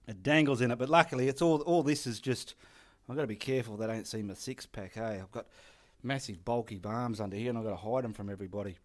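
Behind the scenes, a middle-aged man with an Australian accent chats casually as he paints, his medium-pitched voice quick. He swears freely, jokes, gives directions and keeps muttering instructions to himself.

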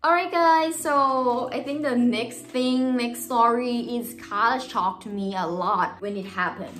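A woman's voice: fairly high pitch, slow, fairly bright tone, roomy sound. A woman from Thailand, a native Thai speaker, chatting to camera as a vlogger, telling a personal story with lots of "like" and "you know" fillers.

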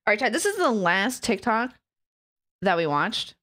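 A woman's voice: medium pitch, big pitch swings, moderate pace, fairly bright tone. A young adult woman streamer in casual live chat, laughing often and swearing freely as she reacts to videos.

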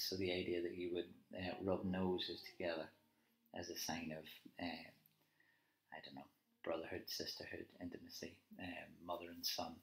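A low-pitched male voice with vocal fry and a fairly bright tone belongs to a teacher annotating a poem live. He talks it through casually, thinking aloud and leaning on tag questions. There's a roomy echo and some faint music.

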